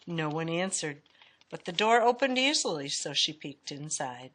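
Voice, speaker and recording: A woman reads a children's storybook aloud in a lowish voice. Her delivery is expressive and swings up and down the way storytelling does. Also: normal speed. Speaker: storybook reader.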